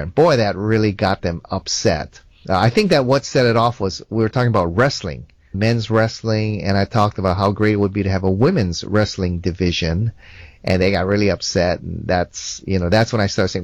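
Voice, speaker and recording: Guy lecturing at a church seminar, lowish voice, chatty asides, dry close sound. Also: moderate pace, no echo. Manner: conversational, tells personal anecdotes, frequent "you know". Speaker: Christian apologetics speaker.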